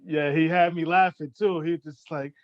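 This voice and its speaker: A man's voice: on the high side, fairly even intonation, normal speed. Easygoing male podcast host. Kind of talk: casual interview chat. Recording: dull lo-fi call audio.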